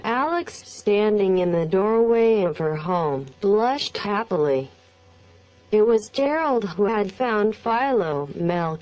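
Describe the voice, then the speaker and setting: A synthetic woman's voice narrates a story at a slow, unhurried pace. Her pitch sits in the middle and stays flat and even throughout, in the manner of a machine reading. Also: rough recording. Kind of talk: text-to-speech audiobook reading.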